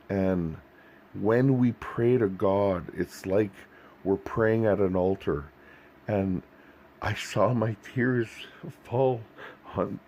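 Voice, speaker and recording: A man's voice: fairly low pitch, warm tone, slight background noise. A man earnestly recounting a vivid dream in a searching, storytelling way. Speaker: Christian video host.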